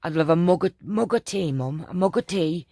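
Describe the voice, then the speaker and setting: A woman's voice: on the low side, lively intonation, moderate pace, mellow, dry recording, clean studio sound, voice pushed up. A woman voicing her young schoolgirl daughter, with a broad Yorkshire accent and clipped dialect words. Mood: insistent.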